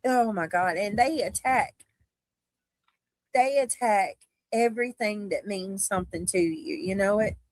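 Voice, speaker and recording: A woman's voice: medium pitch, a little slow, a little mellow, dry recording. A woman livestreamer in a played clip, talking in an emotional, dramatic, pleading way.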